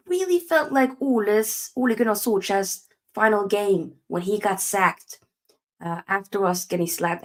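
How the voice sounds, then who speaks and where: A young woman hosts a live match reaction in a fairly high voice that swings widely in pitch. She rants emphatically and poses rhetorical questions, then answers them herself. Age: young adult. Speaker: football channel host.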